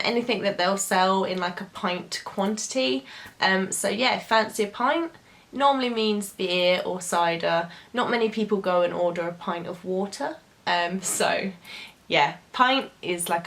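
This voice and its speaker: A woman's voice: medium pitch, fairly bright tone. A young woman, chatting casually to camera as she patiently explains words. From England. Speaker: YouTuber.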